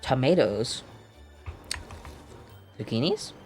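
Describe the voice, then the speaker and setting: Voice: medium pitch, expressive, takes it slowly, soft background music. A streamer giving playful, casual commentary while playing a game and reading its dialogue aloud. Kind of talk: casual let's-play commentary.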